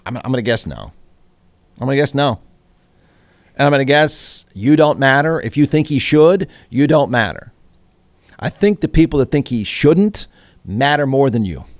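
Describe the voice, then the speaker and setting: Snarky talk show host, dry close sound. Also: male voice, mid-range voice, animated, normal speed, long pauses, no echo. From Austin, Texas. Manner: snarky, irreverent, rhetorical questions. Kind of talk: opinion commentary.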